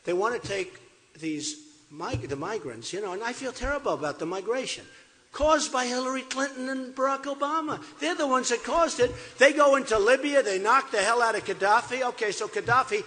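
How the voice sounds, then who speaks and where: A man's voice: extremely high pitch, animated, a little fast, pushed and bright. An older man giving an off-the-cuff, repetitive campaign rally speech at a podium in a large hall. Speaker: political candidate. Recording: echoey hall.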